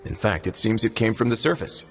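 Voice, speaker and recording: Casting: a composed warden for a game, very low voice, measured and formal, light music behind. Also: male voice, animated, fairly bright tone. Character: calm, composed male prison warden, adult. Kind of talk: video game voice acting.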